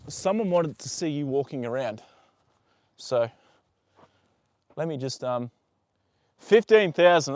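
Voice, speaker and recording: A livestream host sits outdoors with a horse, reading out viewer comments in a relaxed, meandering chat full of fillers. His voice is fairly high, and the sound is clean, studio-like and free of room tone, captured by a phone on a tripod.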